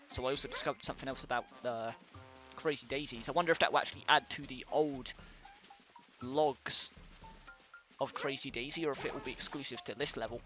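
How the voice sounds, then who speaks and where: A man giving casual let's-play commentary, rambling and thinking aloud with many fillers. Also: mid-range voice. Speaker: let's player.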